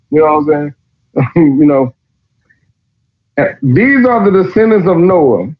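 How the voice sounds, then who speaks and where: A man's voice: a little high, animated, slow pace, long pauses, muffled recording. Profane, sarcastic man with a raised voice. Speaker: podcast host. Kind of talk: mocking commentary while reading aloud.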